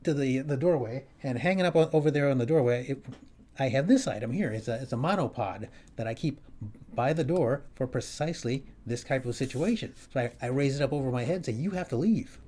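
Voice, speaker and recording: A male comedian telling a wry story at home in a halting, restarting way. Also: medium pitch, mellow. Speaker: comedian and host. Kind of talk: storytelling monologue. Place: his home, upstairs.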